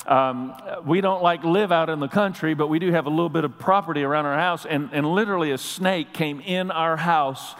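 A middle-aged male pastor preaching, telling stories animatedly and building up to shouts. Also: fairly high pitch, a little fast, hardly any pauses. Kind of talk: sermon. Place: church sanctuary. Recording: long reverb of a large hall.

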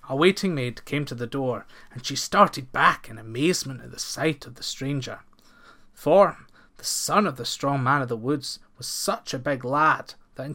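A man narrating an old folk tale in a steady, expressive storybook reading. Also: fairly high pitch.

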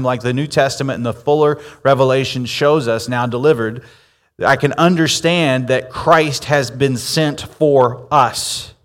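A man delivers a sermon from the pulpit, reading a scripture passage aloud and then explaining it step by step. His voice sits at an ordinary middle pitch, and his manner is measured and teaching. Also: a bit bright. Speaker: pastor.

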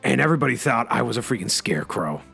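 A man hosting a comedy radio show, delivering a rambling in-character monologue full of a repeated catchphrase, swinging between loud outbursts and low asides. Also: big pitch swings, quick pace, vocal fry, slightly rough, soft background music. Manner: peppers every sentence with a repeated catchphrase.

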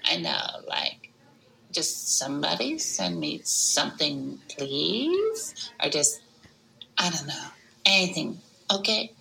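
A woman doing a drawling, gravelly Valley girl. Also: low-pitched, wildly swooping pitch, takes it slowly, sharp tone, a little hiss or hum, heavily acted, low-quality recording. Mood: airy. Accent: Californian Valley. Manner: drawling, breathy, lots of "like". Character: spacey Valley girl, trend-chasing.

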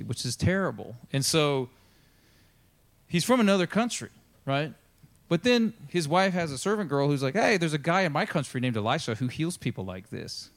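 A man preaching in a church, telling Bible stories in a loose, conversational way. His voice sits a little high for a man and swings up and down a great deal as he acts out the characters' lines. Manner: casual, chatty storytelling that acts out the characters' lines. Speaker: pastor. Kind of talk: sermon.

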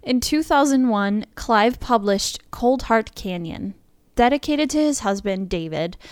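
A woman's voice: mid-range voice, no room sound. A woman co-hosting a podcast, reading a prepared script and breaking off now and then with laughing asides. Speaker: podcast co-host.

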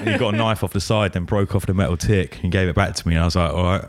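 Man, young adult, very low voice, laid-back, casual storytelling. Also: fast, few pauses, no echo. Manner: laid-back, swears freely, heavy use of "like".

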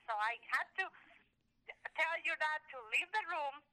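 High bright-voiced mother. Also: moderate pace, poor audio. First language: Spanish. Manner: animated, acts out quotes, hesitant restarts. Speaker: mother telling a family story. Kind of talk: casual storytelling.

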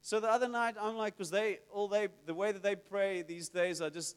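A man's voice: sits high, fairly quick, hardly any pauses, clean tone. A man preaching a sermon, telling stories with animation and acting out the prayers he quotes. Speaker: pastor. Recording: reverberant hall.

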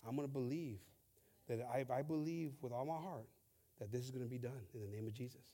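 A male pastor preaching a fervent sermon, stumbling over and repeating words as he builds from quiet reading to loud exhortation. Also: mid-range voice, fast talker.

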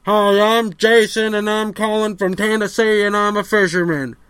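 A man voicing a plain, deadpan male fisherman calling in. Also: high-pitched, moderate pace, smooth, no room sound. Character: puzzled male fisherman caller. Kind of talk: comedic sketch.

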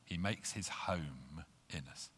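Male pastor, low voice, bright forceful tone, earnest sermon, church hall reverb. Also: takes it slowly, husky. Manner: earnest preaching, reads scripture aloud.

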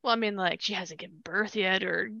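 A woman co-hosting a podcast, chatty and quick to joke, with a bright, sharp-edged voice. Her talk is full of fillers and asides. The sound is dry and a bit dull. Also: mid-range voice, creaky, dry recording. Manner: chatty, jokey, many fillers and laughs. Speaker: podcast co-host. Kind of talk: casual chat. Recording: dry, slightly dull home mic.

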